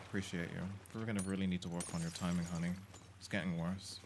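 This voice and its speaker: A British livestreamer plays a cozy game, chatting casually and swearing freely as he talks to his viewers and his pet. His low voice is flat and fast, with a little hiss or hum in the recording.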